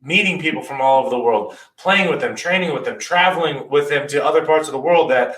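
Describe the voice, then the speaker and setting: A man in a casual podcast chat, ranting in an animated, lively way as he tells stories. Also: a little high, fairly quick, few pauses. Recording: roomy distant mic with faint noise.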